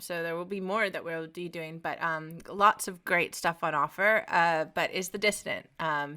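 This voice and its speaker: Bright-voiced Scottish woman hosting. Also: lowish voice. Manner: brisk, steering the talk. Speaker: show host. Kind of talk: podcast hosting.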